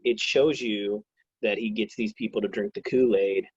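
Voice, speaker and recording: Male co-host, mid-pitched. Halting, thoughtful takes. Dull, dry audio. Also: fairly even intonation, darkish tone, breathy edge, no room sound. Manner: halting, reflective opinions. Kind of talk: casual episode review chat.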